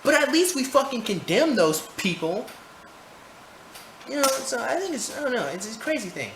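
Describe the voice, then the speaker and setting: A man's voice: very high-pitched, sing-song, normal speed. A man ranting his opinions to camera, heated, profane and rambling, recorded indoors. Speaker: vlogger. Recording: roomy echo, faint background noise.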